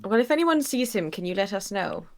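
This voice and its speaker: A woman's voice: mid-range voice, very animated, a little fast. A woman playing a tabletop game, teasing and joking in casual banter. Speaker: player.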